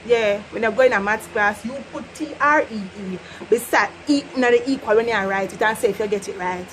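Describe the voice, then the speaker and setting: A woman's voice: on the high side, fairly quick, fairly bright tone, a little hiss or hum, rough recording. A Jamaican woman with a casual, playful way of talking, teaching patois in a vlog and often laughing. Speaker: vlogger.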